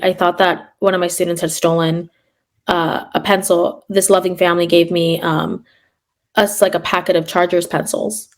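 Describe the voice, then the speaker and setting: A young adult woman who teaches third grade, hosting a casual chat and telling classroom stories with sarcasm. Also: on the low side. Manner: sarcastic, animated storyteller acting out classroom quotes.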